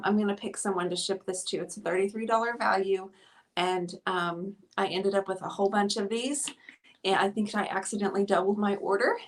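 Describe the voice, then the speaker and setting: A woman's voice: on the high side, fairly bright tone. A woman hosting a live painting tutorial, chatting upbeat with viewers while she works and sounding out of breath. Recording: voice heard from a distance.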